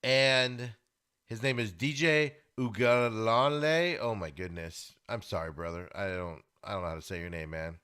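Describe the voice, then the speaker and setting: A man hosting a sports podcast, giving opinionated casual commentary and getting loud and high when worked up. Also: moderate pace, smooth. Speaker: podcast host. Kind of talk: casual sports talk monologue.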